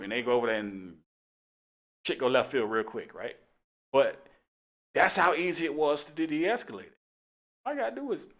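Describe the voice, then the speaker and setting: Laid-back man telling a story with laughs. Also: mid-range voice. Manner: laid-back, laughs often, Southern US slang. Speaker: police officer and show host. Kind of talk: casual storytelling to callers.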